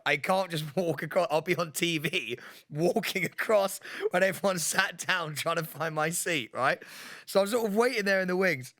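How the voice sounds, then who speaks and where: Lively bright-voiced man telling a story. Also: high-pitched, normal speed, no echo, clean studio sound. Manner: animated, laughing storyteller acting out quotes. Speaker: podcast co-host. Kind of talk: casual storytelling chat.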